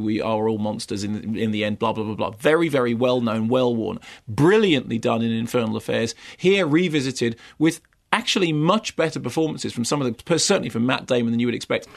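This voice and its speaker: A man's voice: mid-range voice, creaky, dry recording. A man delivering a wry, opinionated film review in a casual radio chat. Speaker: film critic.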